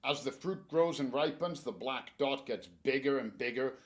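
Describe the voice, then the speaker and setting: A man's voice: medium pitch, normal speed. Garden store staffer, man, casual and jokey presenter. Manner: chatty, joking, animated advice.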